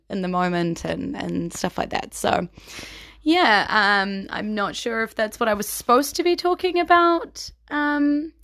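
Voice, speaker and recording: A woman's voice: mid-range voice, dry recording, studio quality. A New Zealand woman hosting a podcast, telling a story in a chatty way with frequent laughs and ums. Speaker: podcast host and game master. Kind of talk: casual storytelling monologue.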